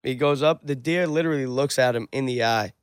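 A young man in casual chat, excitable and swearing heavily. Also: mid-range voice, fairly quick, clear, resonant tone, no room sound, clean studio sound.

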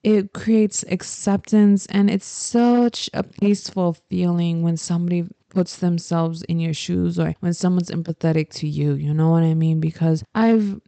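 A woman's voice: lowish voice, fairly even intonation, a little slow, creaky, few pauses, dark tone, dry recording, poor audio. A young woman talking casually to her viewers in a chatty, emphatic way with sassy asides. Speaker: vlogger. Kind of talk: casual talk to camera.

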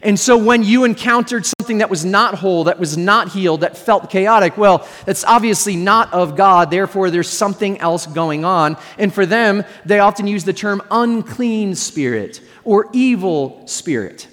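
Male pastor, higher-pitched voice, storytelling sermon with jokes to the crowd, long hall reverb. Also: moderate pace, few pauses, fairly bright tone. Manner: storytelling with humorous asides to the audience.

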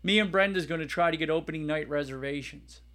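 Excitable podcast co-host, slightly high-pitched man, rambling and loose. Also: fast talker. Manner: excitable, laughs loudly, rambling. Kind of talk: casual chat.

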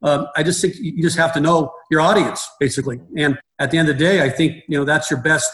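A man's voice: a little high, quick pace, fairly bright tone, low-quality recording. Rambling middle-aged male baseball coach. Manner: rambling, repeats words and restarts often. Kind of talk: conversational interview.

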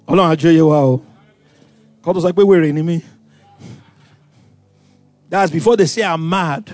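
A man preaching a sermon, animated and acting out voices, with sudden loud outbursts. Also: fairly high pitch, normal speed, no room sound, soft background music. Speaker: pastor.

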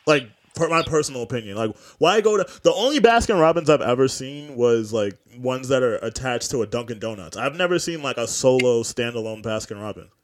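A man's voice: mid-range voice, lively intonation, a little fast, hardly any pauses. A young man co-hosting a podcast, talking in a loose, rambling, profane way and laughing often. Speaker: podcast co-host. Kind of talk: casual chat.

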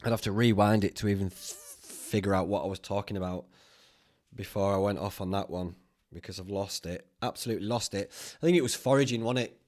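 A man's voice: on the low side, fairly quick, a little mellow. A young man with a Northern English accent hosting a podcast, rambling through stories in a casual, chatty way and swearing freely. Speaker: podcast host.

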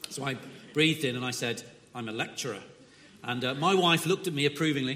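A man's voice: medium pitch, brisk, pushed and bright, a little hiss or hum. A man preaching a sermon as a visiting speaker, telling stories with asides and chuckles. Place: church. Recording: long church reverb.

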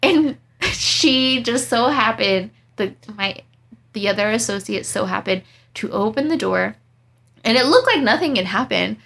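A young woman telling a story in casual chat, animated and dramatic, laughing as she goes. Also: fairly high pitch, measured pace, creaky. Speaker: storyteller guest.

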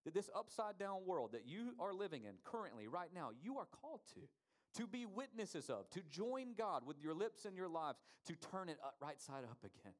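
A man's voice: sits high, very animated, normal speed. A man preaching a sermon, asking the congregation rhetorical questions and stressing key words. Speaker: pastor.

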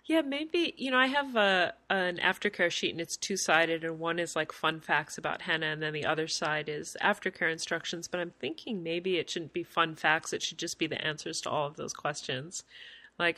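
A woman's voice: low voice, normal speed, sharp tone. A woman, a henna artist, chatting casually, asking questions and agreeing eagerly with laughter. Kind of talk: casual chat.

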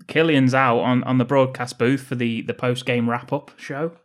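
A man's voice: mid-range voice, fairly even intonation, normal speed. A man co-hosting a casual film podcast, recapping the plot with dry jokes and casual swearing. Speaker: podcast co-host. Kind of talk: casual film-review chat.

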